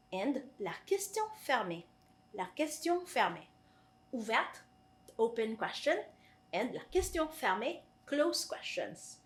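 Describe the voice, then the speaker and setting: In an online language lesson, a woman with a Filipino accent and medium-pitched voice teaches French grammar. She patiently repeats each French phrase and then translates it.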